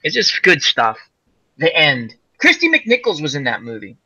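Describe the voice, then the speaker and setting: A man's voice: a little high, moderate pace, breathy edge, lo-fi sound. A man co-hosting a casual chat show, rambling through stories about movies. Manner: rambling, animated storyteller. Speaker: co-host.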